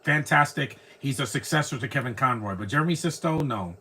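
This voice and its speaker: A man's voice: mid-range voice, expressive, fairly quick, sharp tone, husky. A man live streaming, chatting casually through a movie reaction, rambling and laughing at his own jokes.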